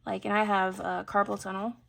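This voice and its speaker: Chatty woman with a gravelly voice. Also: medium pitch, flat delivery, fairly quick, slight background noise. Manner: chatty, thinking aloud, drifting into soft mutters. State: has the hiccups. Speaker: jewelry-making channel host. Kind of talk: casual craft tutorial chat.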